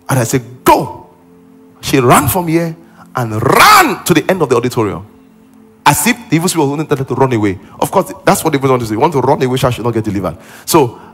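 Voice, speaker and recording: A man's voice: mid-range voice, a bit bright, breathy edge. A man preaching a sermon as pastor in a church auditorium, building to exclaimed emphasis.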